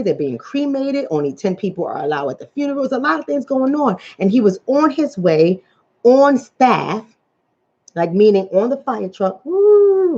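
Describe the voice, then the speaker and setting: A woman from the New York and New Jersey area with that accent, hosting a casual livestream as a relationship coach and reading out viewer comments in an animated storytelling manner. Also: mid-range voice. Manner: animated storytelling, acts out quoted voices. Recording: dull lo-fi audio.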